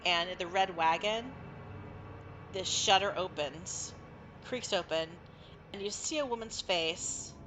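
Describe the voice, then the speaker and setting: A woman's voice: on the low side, slow, pauses often, background noise. A woman narrating as game master of a tabletop game in a casual, descriptive way, with many fillers.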